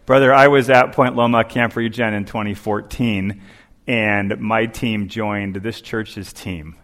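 A man delivering a sermon as a guest preacher, telling an animated story and acting out its voices. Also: lowish voice, unhurried. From Southern California. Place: church sanctuary. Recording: long church hall reverb.

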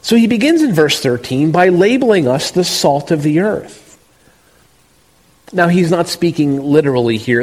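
A man preaching an expository sermon, measured and emphatic, with slow deliberate stresses. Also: a little high. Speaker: pastor. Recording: long reverb of a large hall.

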